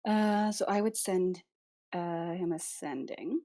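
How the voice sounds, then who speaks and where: A woman's voice: lowish voice, slow, warm tone. A woman playing a tabletop game, casual and joking. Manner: playful, joking. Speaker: player.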